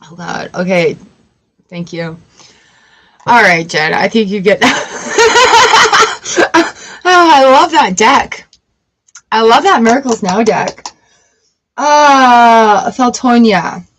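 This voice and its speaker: A woman's voice: a little high, slow, pauses often, a bit bright. A woman giving a live-streamed tarot reading in a chatty, emotional way, weepy and laughing often. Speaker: tarot reader.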